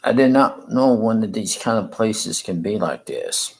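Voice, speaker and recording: Man, low voice, casual livestream, rambling and halting. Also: big pitch swings, gravelly, poor audio. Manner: halting, rambling, repeats himself. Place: room in a rehab facility.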